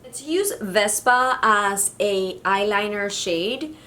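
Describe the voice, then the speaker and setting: A woman's voice: medium pitch, animated, slow pace, pushed and bright. Chatty woman vlogger narrating makeup. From Mexico. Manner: chatty and casual, with fillers like "kind of like". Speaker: beauty vlogger.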